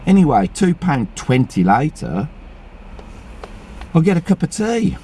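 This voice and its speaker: A man's voice: on the high side, very animated, unhurried, long pauses, music in the background. A middle-aged man, chatting to camera from inside his car in a chatty, grumbling, sweary way. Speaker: vlogger. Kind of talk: casual chat to camera. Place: inside a car on a rainy day. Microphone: phone camera.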